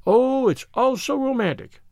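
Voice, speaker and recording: A man voicing an excited teenage servant girl who gushes in breathless chatter. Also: sits high, normal speed, no echo, clean studio sound, exaggerated voice. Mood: gushing.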